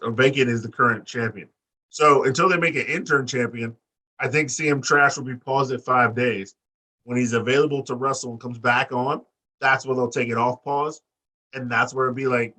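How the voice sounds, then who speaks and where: A man explains things bluntly on a casual wrestling podcast. His voice sits at a mid pitch and has a bright, forceful edge. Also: low-quality recording. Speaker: podcast co-host.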